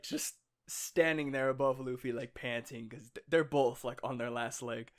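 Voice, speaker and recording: A man co-hosting a podcast in casual chat, excitable and laughing often, swearing freely and acting out the lines he retells. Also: medium pitch, normal speed, few pauses. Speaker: podcast co-host.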